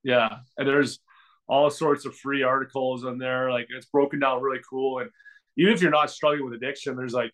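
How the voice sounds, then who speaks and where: Man co-hosting a podcast, relaxed casual chat, loose and rambling, lots of restarts and fillers, mid-range voice. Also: medium pitch, fairly quick. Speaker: podcast co-host.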